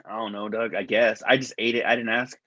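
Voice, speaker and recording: A podcast co-host with a lowish, level voice speaks briskly, his sound pushed and bright. He tells long, profane, rambling stories in casual chat, calling his friend "dog" again and again. The audio is lo-fi with no echo.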